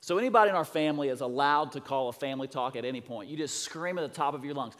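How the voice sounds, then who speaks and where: A man in his thirties preaching a sermon, telling family stories with lively swings from soft to loud. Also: medium pitch, very fast. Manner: animated storyteller, acting out family dialogue, swings from soft to loud. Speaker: pastor. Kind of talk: sermon storytelling. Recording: long hall reverb.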